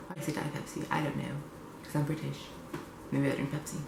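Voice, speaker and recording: A young man vlogging casually and bluntly, sarcastic and quick to swear. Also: a little high, fairly even intonation, creaky, echoey room, background noise. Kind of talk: confessional casual vlog.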